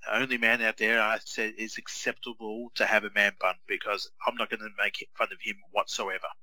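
A man's voice: on the low side, level tone, a little fast, sharp tone, no echo, rough recording. A man, co-hosting a casual wrestling chat in an easygoing, rambling way with many fillers. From Australia. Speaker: podcast co-host.

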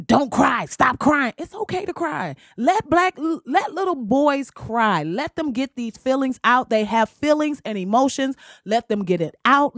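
Brief: young woman vlogger, candid and profane, slightly high voice, dry sound. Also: no room sound. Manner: blunt, profane and animated, laughing often. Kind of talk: candid casual monologue.

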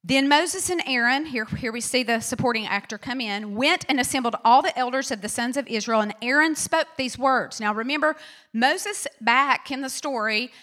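Lady pastor preaching, chatty and lively, bright kinda high voice. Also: normal speed. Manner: animated, conversational preaching with acted-out quotes. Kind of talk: sermon.

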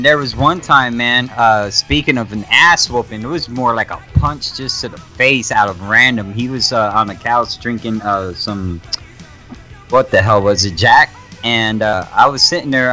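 A man's voice: medium pitch, pushed and bright. A man co-hosting a casual podcast, telling a long story with many fillers and swearing. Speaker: podcast co-host. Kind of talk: casual chat.

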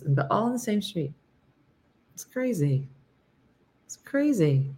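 Low-voiced woman chatting on a livestream. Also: lively intonation, moderate pace. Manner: rambling and chatty, many fillers and restarts; clears throat often. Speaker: livestream host. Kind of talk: casual chat with live viewers.

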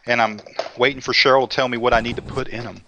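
A man's voice: mid-range voice, fairly even intonation, fast, sharp tone, slight background noise. A man hosting a cooking show, chatting in a folksy, joking way. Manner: folksy, joking, says y'all a lot. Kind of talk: casual chat.

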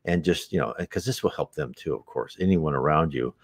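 A man's voice: extremely low pitch, brisk, husky. A man hosting an unscripted spiritual talk, earnest and rambling, with frequent restarts and asides.

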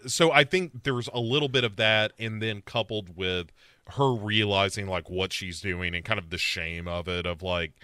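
A man's voice: lowish voice, moderate pace, sharp tone, clear, resonant tone, dry recording, clean studio sound. A man co-hosting a podcast, casually recapping a show and acting out quotes in a rambling, playful way. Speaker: podcast co-host.

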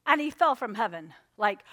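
A woman's voice: sits high, fairly bright tone, no room sound, studio quality. A woman preaching a sermon, telling stories and acting out her own inner voices, checking in with "amen?" as she goes.

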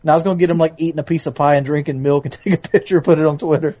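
A man with a somewhat high voice who is a guest on a podcast. He chats casually, stumbling over his words now and then. He laughs through his own stories. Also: fairly even intonation, rapid-fire, dark tone. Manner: stammering, amused, laughs while telling stories. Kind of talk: casual chat.

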